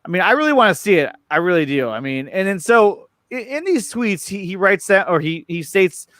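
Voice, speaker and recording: A man hosting a casual chat about movie news. He is excited, repeats his words and often restarts his sentences. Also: high voice, fairly quick, no echo. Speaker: show host.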